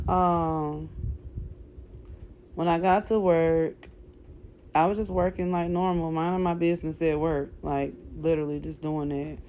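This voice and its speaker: Candid woman with a low, mellow voice. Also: slight background noise. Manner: candid, chatty, speaks straight to viewers with "y'all" and "okay?"; faith-filled, calls for casting down negative words. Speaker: vlogger sharing a personal testimony. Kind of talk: emotional personal testimony.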